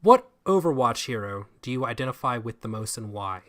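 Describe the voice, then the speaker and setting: A man's voice: mid-range voice, a little fast, noisy background. A man hosting a live streamed chat show, talking casually and stumbling over his words. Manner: animated, self-deprecating, stumbles over words. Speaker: show host. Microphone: streaming mic.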